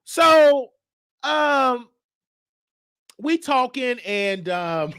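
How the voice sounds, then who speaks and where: A man hosting his own show, telling a story in a casual, animated way and mimicking the people in it. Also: very slow, smooth, dry recording, studio quality. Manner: animated, mimics others, drops to a low crooning voice. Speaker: show host.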